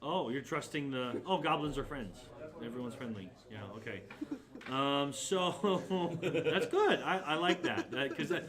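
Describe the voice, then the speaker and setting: A man's voice: on the high side, unhurried, crowd noise. A man narrating as dungeon master in casual tabletop play, rambling and hesitant with many fillers.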